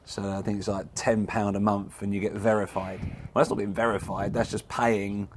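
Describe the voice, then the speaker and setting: A man hosting a podcast, asking questions in a casual interview and often putting in quick yeahs. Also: fairly low pitch, level tone, slight background noise. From England. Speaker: podcast host.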